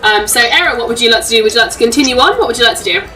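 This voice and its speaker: A bright, lively woman runs a tabletop game as game master, giggling and umming as she narrates. Her voice swings widely in pitch and sounds a little distant from the mic, with faint music playing behind. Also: very fast. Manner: giggly, lots of ums, puts on shrill crowd voices.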